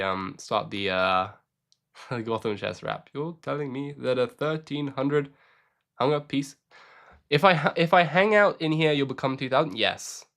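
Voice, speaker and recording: A man's voice: mid-range voice, fairly bright tone. A young man chatting casually with his live-stream audience while playing chess, joking and answering questions.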